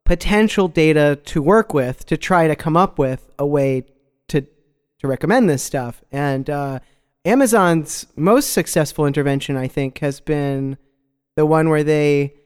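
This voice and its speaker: A man's voice: on the high side, unhurried, clear, resonant tone, in a large hall. A man co-hosting a casual discussion podcast. He agrees often with "right" and lays out his reasoning point by point. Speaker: podcast co-host.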